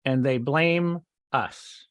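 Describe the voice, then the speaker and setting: A man's voice: medium pitch, extremely slow, a bit bright, smooth. A man co-hosting a marketing podcast, talking casually in long rambling sentences with many restarts. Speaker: podcast co-host. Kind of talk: casual chat.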